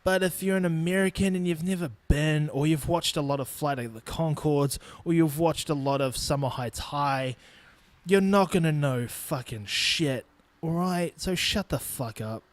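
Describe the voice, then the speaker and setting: A man's voice: a little high, moderate pace, dry recording. Ranting New Zealand guy, sweary. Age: 20s. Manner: profane, blunt and ranting. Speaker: podcast host. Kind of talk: solo podcast rant. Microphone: studio microphone.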